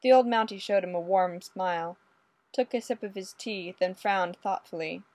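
A woman narrating a story in an even, steady way. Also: medium pitch, no echo. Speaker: story reader.

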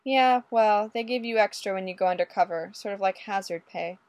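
A woman's voice: medium pitch, a little mellow, no echo, natural voice. Woman doing a nervy young undercover cop guy, stumbling over words, dry sound. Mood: flustered. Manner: flustered, halting, nervous.

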